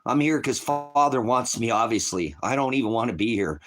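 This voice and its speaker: A man's voice: mid-range voice, expressive, moderate pace. A preacher delivering an emotional spoken prayer to his congregation. He is tearful and distraught, and he pleads through repeated questions. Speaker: ministry preacher.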